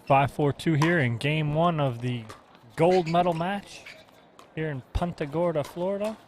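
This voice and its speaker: A man calling play-by-play on a pickleball match, giving scores and player background in a steady way. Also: a little high, measured pace, background noise. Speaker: play-by-play commentator. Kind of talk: sports play-by-play commentary.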